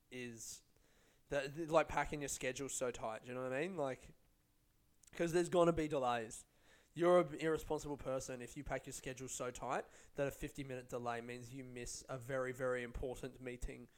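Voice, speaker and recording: A man's voice: mid-range voice, steady tone, normal speed, smooth. A young man, a comedian, chatting casually and telling rambling, profane stories. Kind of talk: casual vlog chat.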